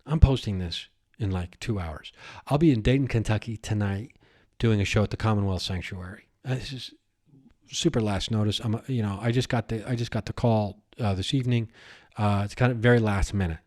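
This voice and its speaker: A man hosting his own podcast as a comedian, talking in a rambling, excitable solo monologue full of restarts and riffs. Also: on the low side, fairly quick.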